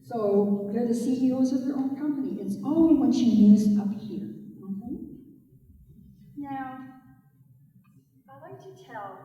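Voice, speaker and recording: Woman, storyteller, animated, talks to children, high voice, long hall reverb. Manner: animated, addresses the children directly. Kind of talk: oral storytelling for schoolchildren. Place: school hall or stage. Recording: echoey hall from far off.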